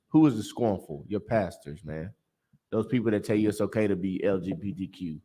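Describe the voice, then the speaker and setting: A man's voice: low-pitched, fairly quick, mellow, husky. A man teaching a religious class in a blunt, emphatic, preachy way, repeating lines for effect.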